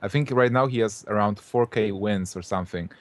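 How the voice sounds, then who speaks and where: Guy from romania on a panel explaining stuff, lots of uhs, lowish voice, dry close sound. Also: brisk, no echo. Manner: explanatory, hesitant with many filler ums and uhs. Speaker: panel co-host. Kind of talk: casual panel chat.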